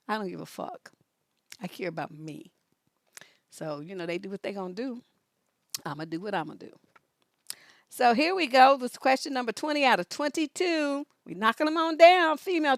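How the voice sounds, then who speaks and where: A woman's voice: on the high side, no echo, clean studio sound. A woman relationship coach on a livestream, blunt, profane and scolding as she answers listener questions and reads their letters with asides. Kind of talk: livestream advice talk.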